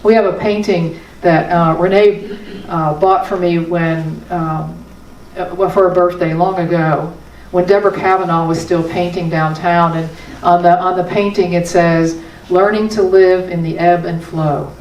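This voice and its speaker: A woman's voice: lowish voice, little pitch movement, unhurried, darkish tone, muffled recording, a little hiss or hum. A woman giving a sermon as a spiritual teacher, talking in a conversational but emphatic way. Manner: conversational, emphatic, with small laughs. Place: spiritual center hall. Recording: roomy hall from a distance.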